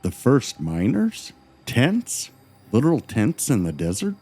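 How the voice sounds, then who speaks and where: Soft background music plays as a male podcast co-host jokes around during the story, goofy and full of wisecracks and loud joke yells. His fairly low voice swings hugely in pitch at a moderate pace. It's scripted podcast banter.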